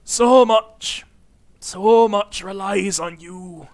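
A man voicing a dying old male wizard mentor in a dramatic, drawn-out, quavering delivery while playing a computer role-playing game. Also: sits high, pitched above the performer's own voice, exaggerated voice. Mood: grandly dramatic.

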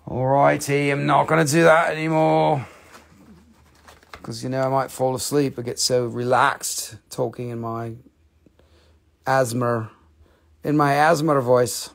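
A man hosting a live sales stream, joking and chatting with viewers as he pitches each item. His voice is gravelly and his delivery slow and unhurried, at a mid pitch. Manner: jokey, chatty, coaxes viewers to comment. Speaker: host selling minerals on a live stream.

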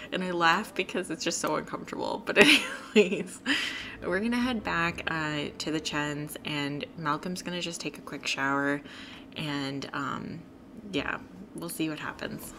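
Brief: woman host, casual game commentary, lower voice, steady hiss behind. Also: moderate pace. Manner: chatty, lots of fillers, sympathetic. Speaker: let's play host. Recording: steady background noise.

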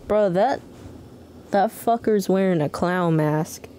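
A young woman streaming a video game live, cracking profane, slangy jokes as she plays. Her voice is low and mellow. Her pace is slow and laid-back. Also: slight background noise. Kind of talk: live gameplay commentary.

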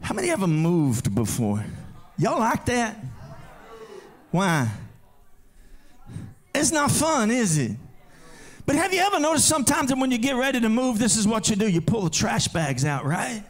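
A male pastor preaching a revival sermon in a church, rising into shouted, sing-song climaxes and firing questions at the congregation. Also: very high voice, animated, normal speed, long pauses. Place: church sanctuary during a live service.

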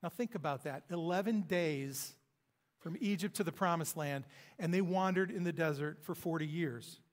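Man, preacher, sermon, emphatic storytelling, high voice, church hall echo. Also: a little fast. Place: church sanctuary. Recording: long hall reverb.

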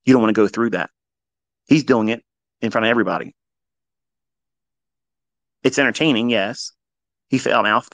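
A man with a mid-range voice lectures on trading, blunt and heavily profane. He swings from loud, emphatic outbursts to low, muttered asides. The sound is dry and close, with no room echo. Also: normal speed, long pauses. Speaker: trading educator. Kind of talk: live audio space talk.

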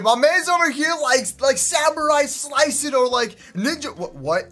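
A young man hosting a casual reaction video, excitable, slangy and joking as he exclaims at what he sees. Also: extremely high pitch, moderate pace, hardly any pauses, faint music behind. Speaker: YouTube host reacting to videos.

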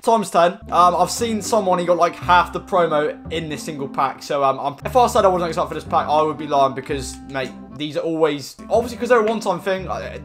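A young man with a slightly higher voice chats excitably through his game pack openings, swearing freely as he goes. Faint guitar music runs behind him. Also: fairly quick, few pauses. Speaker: gaming YouTuber. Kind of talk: casual pack-opening commentary.

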